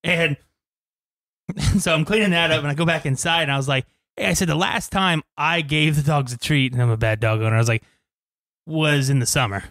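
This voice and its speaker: A man's voice: fairly high pitch, a little fast. A man chatting casually on a podcast, telling a story with lots of laughter and swearing. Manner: animated storyteller, laughs often, swears freely. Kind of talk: casual chat.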